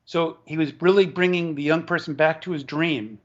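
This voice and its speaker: A man with a somewhat high voice recounts a story as an interview guest. He halts and restarts often as he gathers his words. The recording sounds dull and lo-fi. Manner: halting, with frequent restarts and repeated words. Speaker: author and educator, interview guest.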